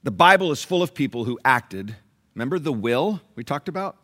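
A male pastor delivers a sermon in a medium-pitched, sharp-toned voice, speaking fairly quickly and with lots of expression. He tells stories dramatically, acts out different voices, and puts questions to the congregation.

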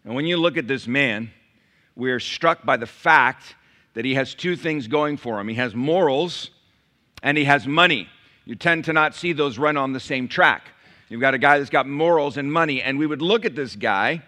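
Bright-voiced preaching man. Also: fairly high pitch, expressive, normal speed. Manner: swings from hushed scripture reading and prayer to loud emphatic preaching; asks the audience questions and jokes with them. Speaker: pastor. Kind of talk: sermon.

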